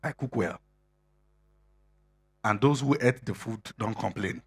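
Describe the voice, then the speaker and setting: A middle-aged man preaching a sermon to singles in a conversational style, laughing often and building to loud emphasis. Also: fairly low pitch, unhurried, slightly rough, soft background music.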